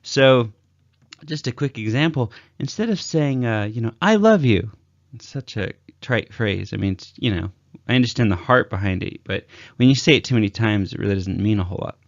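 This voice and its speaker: A man's voice: brisk, dry recording, muffled recording. A man giving casual communication advice, acting out examples with big swings in his voice. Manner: energetic, acts out examples with big pitch swings. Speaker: communication coach. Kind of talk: casual advice talk to camera.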